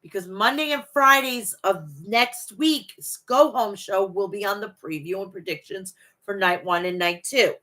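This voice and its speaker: A wrestling podcast host in her forties runs a casual show, reading her live chat in a medium-pitched voice that sounds pushed and bright at a measured pace. She's profane, gushing and rambling as she talks to them.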